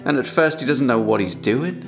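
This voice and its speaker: A man telling a fable slowly and unhurriedly, repeating phrases for rhythm. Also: mid-range voice, lively intonation. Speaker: storyteller. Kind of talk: spoken storytelling over guitar. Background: guitar music.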